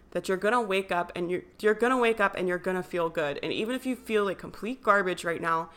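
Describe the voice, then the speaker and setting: A woman's voice: medium pitch, fairly bright tone. A young woman hosting a podcast, talking in an earnest, encouraging way, chatty and full of fillers. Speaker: podcast host. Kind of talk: casual motivational monologue.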